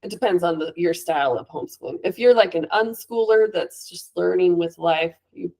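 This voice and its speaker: A woman co-hosting a podcast in casual chat, chatty and quick to laugh along. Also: on the low side, vocal fry, darkish tone. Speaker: podcast co-host.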